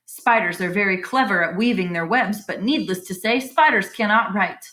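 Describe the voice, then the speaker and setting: A woman voicing a pompous male fair announcer who speaks over a loudspeaker in a booming, formal voice. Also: normal speed, close to an everyday voice. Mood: grand.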